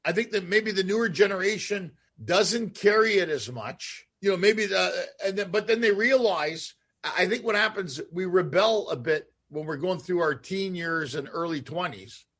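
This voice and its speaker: A man with a rather high, husky voice hosts a casual chat and talks in a blunt, animated way. He swears freely and often breaks off and restarts his sentences. The sound is clean, apart from the slight rasp in his voice. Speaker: talk show host.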